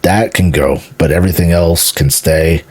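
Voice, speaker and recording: A deep-voiced man from Houston, Texas, talks through a game trailer as a streamer, eager and rambling, tripping over repeated words and swearing casually. His voice has a husky, grainy edge and sits close and dry with no room sound. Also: moderate pace, a little mellow, no room sound. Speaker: gaming streamer. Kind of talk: casual trailer reaction commentary.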